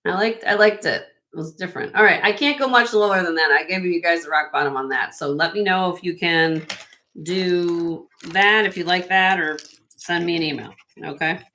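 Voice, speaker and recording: A woman's voice: fairly low pitch, moderate pace, bright, forceful tone. A woman hosting a live online jewelry auction, chatting upbeat with viewers and laughing often. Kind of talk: live-stream auction chat.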